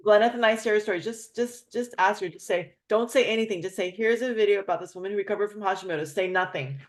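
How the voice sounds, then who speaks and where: Animated woman telling a story. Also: mid-range voice, fast talker. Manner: animated storyteller, acts out quoted voices. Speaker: host. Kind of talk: casual chat.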